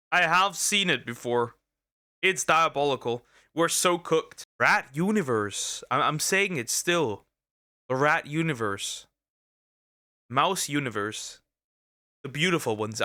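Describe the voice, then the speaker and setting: A man's voice: a little high, bright, forceful tone, dry recording, clean studio sound. A man casually reacting to a video, rambling and joking with internet slang.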